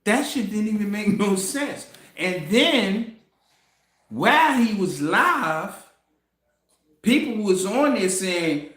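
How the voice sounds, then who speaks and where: A man hosting a casual commentary monologue, telling a story in an animated way, laughing and swearing as he goes. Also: sits high, slow pace, roomy sound. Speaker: commentary host.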